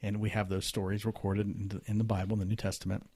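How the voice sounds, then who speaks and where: Low-voiced man telling a story. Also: level tone, fast talker, darkish tone, husky, no echo, studio quality. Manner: conversational, many fillers and restarts. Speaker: podcast host. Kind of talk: casual storytelling.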